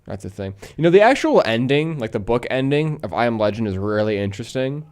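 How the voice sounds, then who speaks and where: A man's voice: quick pace, clear, resonant tone. A young man co-hosting a podcast in casual chat, acting out reactions with exaggerated exclamations. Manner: animated, acts out reactions in exaggerated high exclamations. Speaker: podcast co-host.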